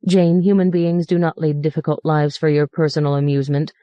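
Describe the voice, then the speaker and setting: A woman reading as a buttoned-up father holding on to his manners with clipped, strained courtesy. The voice is low, soft-toned and dry, set close to the mic. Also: fairly even intonation, brisk, dry recording, dull audio, close to an everyday voice. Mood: restrained politeness. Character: stiff, formal middle-aged father.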